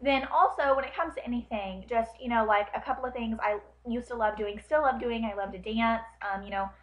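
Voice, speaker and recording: A young woman chats through a list of questions, wandering off into tangents with plenty of ums and likes. She puts a slight twang on her words, and her voice sits a little high. The sound is dull and lo-fi, like an older webcam. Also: brisk. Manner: chatty, rambling, full of ums and likes. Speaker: vlogger. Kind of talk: casual chat answering tag questions.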